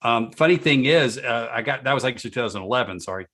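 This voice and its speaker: A man's voice: mid-range voice, lively intonation, quick pace, fairly bright tone. A man from Georgia with a slight Southern accent, answering interview questions in an easygoing, self-deprecating way. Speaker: guest, author and speaker.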